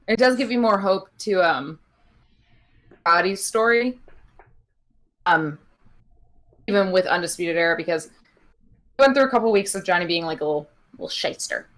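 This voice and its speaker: A woman's voice: on the low side, lively intonation, moderate pace, long pauses, fairly bright tone. A young woman co-hosting a podcast, chatting casually about a wrestling match with many fillers and laughs. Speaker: podcast co-host. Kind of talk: casual wrestling recap chat.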